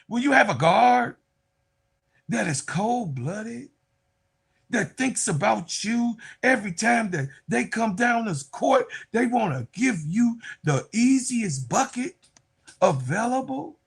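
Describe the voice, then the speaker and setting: A man with a high, husky voice talks through women's basketball like he is chatting with friends. He stays animated and speaks straight to his viewers. Every few moments he drifts off into an aside. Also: slow. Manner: animated, addresses viewers directly, trails off into asides. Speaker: sports commentator. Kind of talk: casual basketball commentary.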